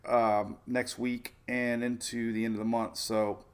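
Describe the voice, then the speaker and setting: Over on-screen weather maps, a man hosts a laid-back tropical weather livestream, rambling chattily away from the subject now and then. His medium-pitched voice is clear and resonant, level in tone and a little slow.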